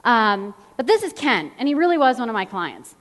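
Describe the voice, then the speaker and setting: A woman's voice: on the high side, normal speed. A woman in her thirties, a fitness trainer, giving a motivational stage talk and telling stories while acting out the people in them. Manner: animated storyteller, acts out quotes. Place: large event hall. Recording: long hall reverb.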